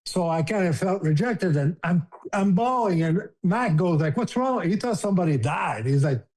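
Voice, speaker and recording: A man's voice: sits high, expressive, normal speed, a little mellow. A man in his fifties with a French accent tells stories in a casual, emotional way. He laughs easily and his voice rises when he acts out other people's lines. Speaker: guest, former hockey player. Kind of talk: casual storytelling.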